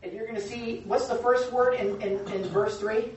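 A man's voice: very high-pitched, moderate pace, a little hiss or hum. Man preaching in an echoey hall. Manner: animated, emphatic preaching with repeated words. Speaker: pastor. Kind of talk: sermon. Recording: echoey hall from a distant, dull mic.

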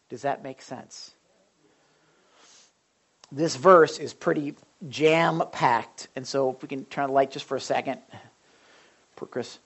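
A male pastor preaching a sermon with animated storytelling and questions to the audience. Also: mid-range voice.

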